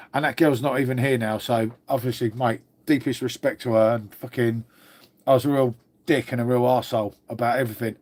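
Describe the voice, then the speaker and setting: A man's voice: medium pitch, darkish tone. A man, chatting casually on a live stream, joking, swearing and calling everyone mate. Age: 50s.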